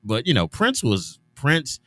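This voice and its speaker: A man hosting an afternoon radio show in casual talk, loose and chatty with drawn-out hesitations and restarts. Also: medium pitch, huge pitch swings, fairly bright tone. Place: radio studio.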